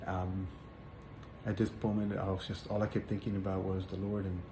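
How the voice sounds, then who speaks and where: A man sharing a personal religious testimony in casual spoken storytelling, earnest and halting, with many fillers and repeated words. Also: sits low, completely flat delivery. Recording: echoey room with faint background noise.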